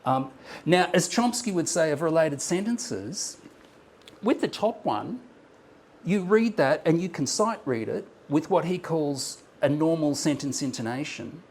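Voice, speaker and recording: Fairly high-pitched, expressive, and a touch mellow, this man speaks a little slowly during an academic conference talk. He presents his paper in a lecture room with slides displayed, thinking aloud with many ums and restarts.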